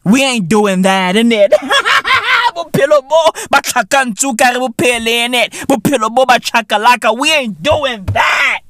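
A man's voice: extremely high pitch, normal speed, few pauses, fairly bright tone, a little hiss or hum. A man hosting a podcast in a comedic rant, profane and boastful, full of slang and laughing at his own jokes. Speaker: podcast host.

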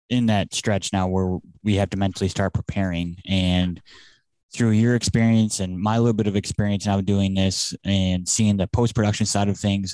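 A young man co-hosting a podcast, talking in a relaxed, halting way with many fillers. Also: fairly low pitch, no room sound, low-quality recording. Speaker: podcast co-host. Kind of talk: casual podcast chat.

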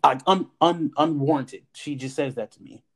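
A man hosting a podcast, telling a personal story in casual chat with animated delivery, acting out quoted dialogue and swearing now and then. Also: on the high side, moderate pace. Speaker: podcast host.

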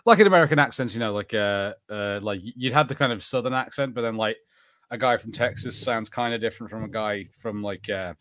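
Northern English guy, low pitched, dry close mic; chatty podcast co-host, filler-heavy. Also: fairly quick, fairly bright tone, dry recording. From Northern England. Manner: chatty, lots of fillers and restarts. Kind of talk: casual chat.

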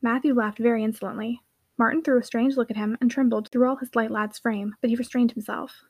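A woman reading a classic novel aloud as audiobook narrator in a clear, even storytelling voice. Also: a little high, fairly quick, dry recording.

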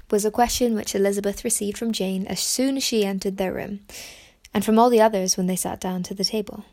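A woman reading a novel aloud as an audiobook narrator, in measured, clear storytelling. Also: mid-range voice, fairly even intonation, mellow. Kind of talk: scripted narration.

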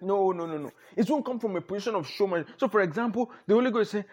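A man's voice: high-pitched, fast, darkish tone. A man preaching a sermon as pastor, emphatic and repetitive, often saying "no, no" with a chuckle.

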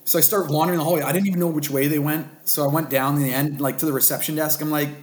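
A man in his thirties telling a story casually, acting out the dialogue with lively laughs. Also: a little high, rapid-fire, reverberant, a little hiss or hum. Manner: animated, acts out dialogue, self-deprecating laughs. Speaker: guest telling a birth story.

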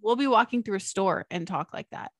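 A woman's voice: medium pitch, a little fast, no echo. A young woman chatting casually on a podcast, bubbly and rambling with lots of fillers. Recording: dry close mic.

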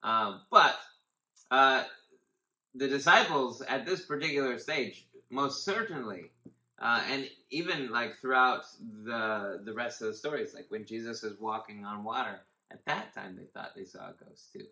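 A man pastor talks through a devotional Bible teaching in a relaxed, rambling style, with plenty of fillers and restarts. His delivery is slow and easygoing, with a bright, forward tone. The room around him adds a noticeable echo. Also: mid-range voice.

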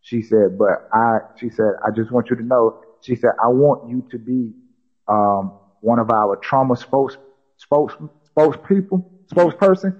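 A man's voice: mid-range voice, a little slow, husky, dull audio. A man from South Carolina, a podcast guest recounting a personal story and quoting others with many "she said" tags. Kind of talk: storytelling in conversation.

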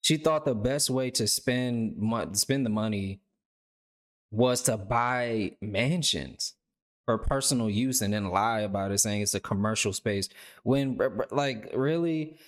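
A man's voice: fairly low pitch, unhurried. A man hosting a reaction video, talking loosely and rambling with lots of filler words. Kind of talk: casual reaction commentary.

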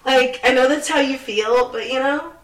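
A woman's voice: high-pitched, moderate pace, distant mic, background noise. A young woman co-hosting a casual chat, ranting sarcastically and swearing a lot. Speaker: podcast co-host. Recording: echoey room, off mic.

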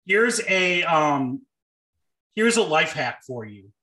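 A young man co-hosts a casual podcast with a bright, sharp-edged voice pitched a little high. He riffs in a deadpan, joking way. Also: slow, roomy sound, low-quality recording. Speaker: podcast co-host. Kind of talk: casual chat.

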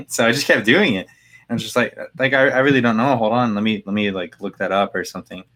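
A man's voice: fairly low pitch, fast talker, a bit bright. A young man in casual chat, laughing as he retells a phone call and acts out the voices. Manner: laughing, quotes callers in put-on voices. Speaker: podcast co-host.

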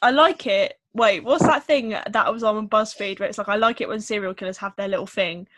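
A woman's voice: medium pitch, a little fast, fairly bright tone, no echo. A young woman, co-hosting a podcast in a giggly, playful casual chat. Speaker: podcast co-host.

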